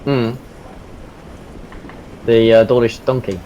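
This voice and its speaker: A man's voice: mid-range voice, fairly even intonation, slow pace, warm tone, highs cut off, a little hiss or hum. A man bantering and teasing his friend during a live stream.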